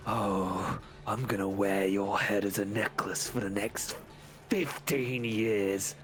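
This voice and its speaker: A man doing a low gloating cult warrior. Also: fairly bright tone. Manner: menacing, slow, gloating threats. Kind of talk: tabletop role-play voice.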